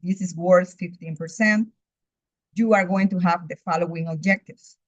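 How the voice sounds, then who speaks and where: A woman with a lowish voice, an English teacher whose first language is Spanish, reads methodically through a course outline in a recorded overview. The recording is dull, lo-fi, and dry.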